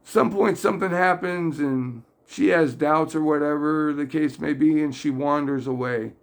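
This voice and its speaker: Speaking at normal speed in a slightly high voice with vocal fry, a man hosts a casual faith talk. He's earnest, rambles a bit as he retells stories, and can become loudly excited and emotional.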